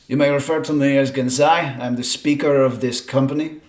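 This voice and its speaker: A man's voice: medium pitch, steady tone, a little fast, close to an everyday voice. A man voicing a stiff, wry male alien who speaks for a mercenary company, formal and clipped with dry chuckles, in a tabletop game. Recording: roomy echo.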